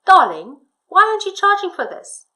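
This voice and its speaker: A woman's voice: extremely high pitch, wildly swooping pitch, normal speed, bright, forceful tone, pitched above the performer's own voice, exaggerated voice. A woman quoting her affectionate husband in her own voice, coaxing and urging. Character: affectionate husband, adult man, encouraging.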